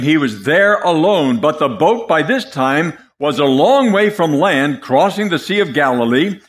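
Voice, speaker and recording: A male preacher delivering a sermon at an unhurried pace. His pitch sits a little high and swings widely, rising into loud emphasis and dropping to hushed asides.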